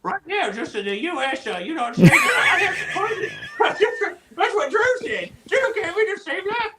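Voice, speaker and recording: A man's voice: very high voice, big pitch swings, moderate pace, a loud crowd. A man voicing a tall, easygoing male goblin with ogre blood, who rambles with lots of "uh" and "you know" in a livestream interview. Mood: chatty.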